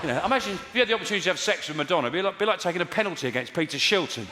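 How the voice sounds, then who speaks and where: Very fast and animated, this male comedian's high voice drives a wry, rambling stand-up act before a large theatre audience, complete with silly voices. Heard through a stage microphone, the recording is very noisy, echoing through the live hall amid loud laughter.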